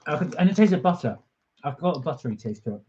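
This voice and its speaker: A man's voice: fairly high pitch, expressive, quick pace, mellow, slight background noise. A man co-hosting a casual live-stream vlog, eager and chatty, talking while snacking and reading out viewer comments. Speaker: vlog co-host. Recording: dull lo-fi home stream audio.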